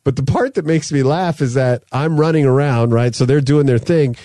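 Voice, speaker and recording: A man's voice: medium pitch, moderate pace, mellow, no echo, clean studio sound. A man in his thirties hosting a podcast, telling long rambling stories in casual chat. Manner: rambling storyteller, acts out his sons' voices. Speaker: podcast host.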